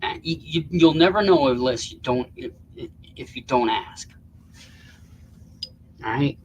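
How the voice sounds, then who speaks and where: A man's voice: mid-range voice, lively intonation, unhurried, slight background noise. A man hosting a casual live stream, rambling and swearing in exasperation while he chats with viewers.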